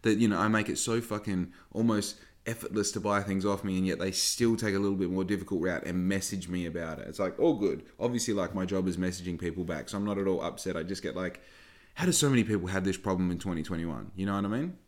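Deep-voiced man rambling and swearing. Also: fast talker. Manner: swears freely, rambling and frank. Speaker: podcast host and small business owner. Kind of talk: casual rambling monologue.

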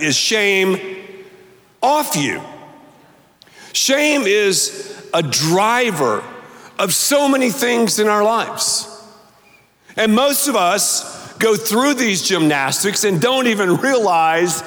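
A man preaching a sermon with a notably high voice and an unhurried, deliberate pace. He tells stories and leans on single words with pauses for emphasis. His voice carries the long reverb of a large church hall. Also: a bit bright. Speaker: pastor.

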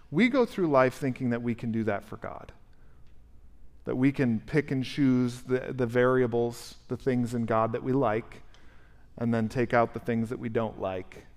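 In a church sanctuary, a male pastor with a medium-pitched voice gives a conversational, animated sermon, asking the congregation questions.

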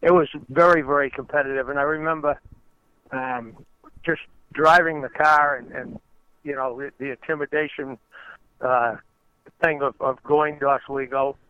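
A man's voice: medium pitch, fairly even intonation, normal speed, clear, resonant tone. An older man, a retired race car driver, telling stories as a guest in a rambling way, often restarting his phrases. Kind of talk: conversational storytelling. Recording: dull lo-fi audio.

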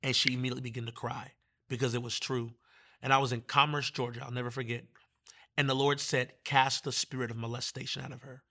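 Bright-voiced man telling a testimony. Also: mid-range voice, fast. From Virginia, US. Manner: animated, acts out quoted voices. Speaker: guest minister. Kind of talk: testimony storytelling in conversation.

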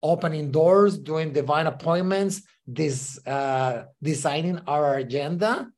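A man with as his tells his story as a podcast guest. He leans on lots of "uh" fillers and acts out the voices of the people he quotes. His voice sits a little higher than most men's. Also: measured pace, a little mellow. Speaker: ministry leader, guest. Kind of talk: casual interview storytelling.

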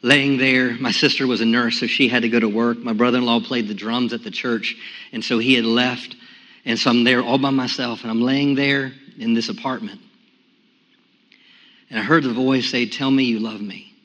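A pastor giving a sermon with a personal testimony, going from quiet, hushed telling to loud, high-pitched praise. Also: male voice, fairly even intonation, moderate pace. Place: church sanctuary. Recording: echoey church sanctuary.

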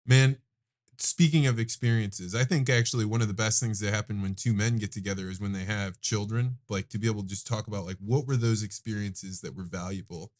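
A man hosting a podcast, telling stories about fatherhood in a reflective way and often shifting between quick and slow delivery. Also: fairly low pitch. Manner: reflective storyteller, eager, speeds up and slows down. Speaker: podcast host. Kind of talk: casual conversation.

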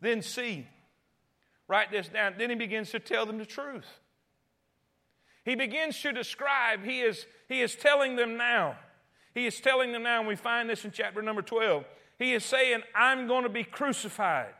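A man preaching a sermon, emphatic and repetitive, swinging between loud cries and hushed tones. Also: very high-pitched, normal speed. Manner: repeats phrases and restarts often.

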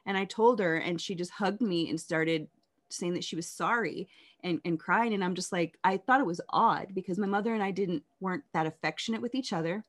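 A woman telling her life story in an interview, candid and reflective, often halting and restarting. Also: lowish voice.

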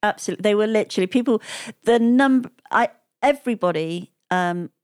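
A woman's voice: mid-range voice, a little fast, darkish tone, no echo. Chatty laughing woman, dry close sound. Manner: chatty, laughs often, quotes people. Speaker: interview guest, paddleboarder. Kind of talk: conversational storytelling.

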